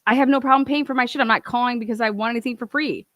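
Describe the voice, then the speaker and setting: Heated young woman, storytime rant, lots of swearing, dry high voice. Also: fairly even intonation, rapid-fire, a bit bright, no echo. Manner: profane, heated ranting with laughs. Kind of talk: ranting storytime.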